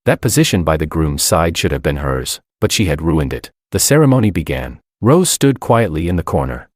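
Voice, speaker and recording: Casting: male narrator, low voice with lively pitch, steady storytelling, dry close recording. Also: dry recording. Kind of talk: first-person story narration.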